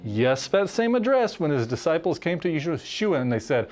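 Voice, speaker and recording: A man's voice: a little high, sing-song, normal speed, a little mellow. A man co-hosting a Bible teaching show, explaining scripture in an earnest, emphatic way. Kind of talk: teaching conversation, preaching.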